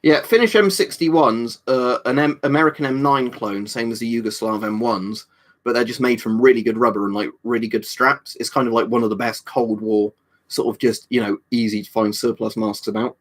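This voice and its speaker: A man's voice: medium pitch, brisk. A man hosting a casual livestream, chatting loosely with his viewers. He rambles from point to point, swears freely and drops jokey asides as he answers comments. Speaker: livestream host.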